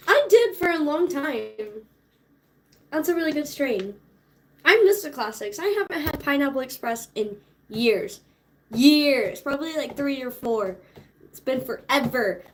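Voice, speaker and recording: A woman in her twenties chatting casually with viewers, laid-back and slangy, laughing often. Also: high-pitched. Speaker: streamer. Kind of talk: casual chat.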